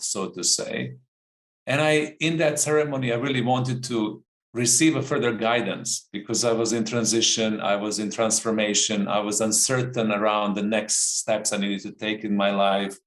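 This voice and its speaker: A man with a lowish voice, recorded roughly in an echoey room. He's a coach, speaking earnestly about something he lived through in a reflective conversation, searching for words and repeating phrases for emphasis.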